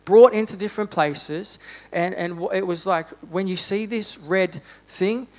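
A man preaching a sermon in a church, fervent, rising to loud exhortation and dropping to quiet reflection. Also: high-pitched, a little slow. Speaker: pastor.

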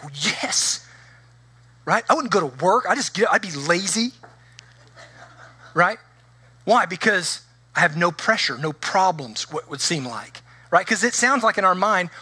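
A man's voice: high voice, bright, forceful tone, no room sound. A man preaching a conversational sermon as pastor, often acting out the voices of the people he quotes.

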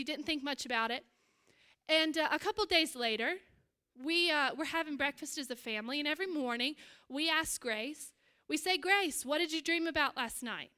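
A middle-aged woman pastor giving a sermon as an animated storytelling preacher. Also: sits high. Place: church stage.

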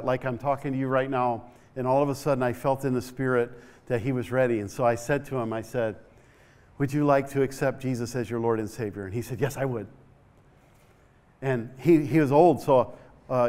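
A middle-aged male pastor telling a story in a church sermon, repeating his words and rising to shouts. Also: mid-range voice, clear, resonant tone.

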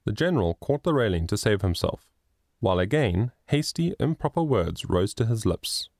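A man narrating a moral children's story in a measured, expressive reading. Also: fairly low pitch, no echo, studio quality. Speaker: audiobook narrator.

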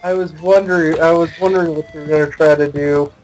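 A man playing a tabletop game, chatting casually and quick to correct the others on the rules. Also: fairly high pitch, steady tone, darkish tone, dull audio. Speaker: player.

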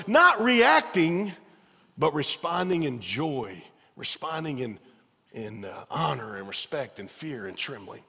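Pastor preaching in a reverberant hall. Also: male voice, on the high side, a little slow. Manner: animated storytelling, acting out dialogue. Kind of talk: sermon. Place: large church sanctuary.

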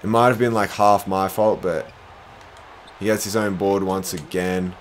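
A young man talks through his basketball game live, his fairly low voice sliding between mutters and sudden shouts when plays go wrong. He mocks his own mistakes as he goes. A faint hiss sits under the recording. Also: unhurried. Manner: excitable, groaning, self-deprecating, bursts into shouts. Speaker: gaming streamer. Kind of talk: live gameplay commentary.

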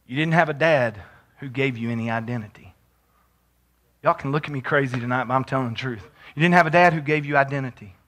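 A man preaching a sermon as pastor, moving from quiet storytelling to shouted exhortation. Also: mid-range voice, quick pace.

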